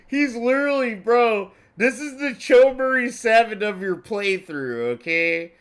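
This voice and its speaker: A high-pitched man commenting on a game stream in a profane, excitable, rambling way. His voice swings widely in pitch and sounds bright, yet he talks at an unhurried pace. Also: clean tone. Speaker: restream commentator. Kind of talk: casual reaction commentary.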